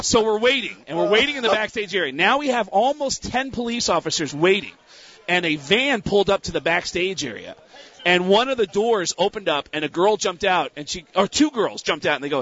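High-voiced husky man telling a wild story. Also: no echo. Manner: animated, acts out the other people's lines in quick bursts. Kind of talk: casual storytelling. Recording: dull lo-fi sound.

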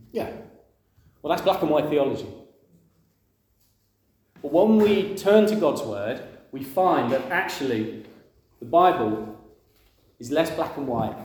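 A man's voice: mid-range voice, a little mellow. Conversational man preaching, echoey room. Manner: conversational, asks the audience questions, acts out quoted voices. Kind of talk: sermon.

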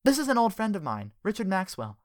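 A woman's voice: medium pitch, huge pitch swings, fairly quick, no echo, studio quality, pitched above the performer's own voice. A woman voicing a talkative, sympathetic woman who is an old friend. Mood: teasing. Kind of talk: audiobook character voice.

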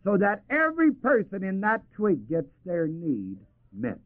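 A male preacher with a fairly high voice that rises and falls with real animation. He chuckles often and keeps stopping so his listeners can call out the end of a verse. The sound is thin and tinny, close to a phone line. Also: huge pitch swings, measured pace. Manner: asks the audience to finish verses. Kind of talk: sermon. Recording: tinny lo-fi tape recording.

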